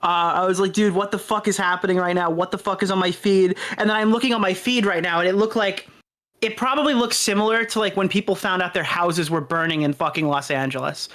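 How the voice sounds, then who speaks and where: A man calling in to a stream who tells a story in a rambling, excited way, full of swearing and exaggeration. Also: sits high, quick pace. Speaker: call-in guest. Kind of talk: casual storytelling on a call. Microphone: voice call.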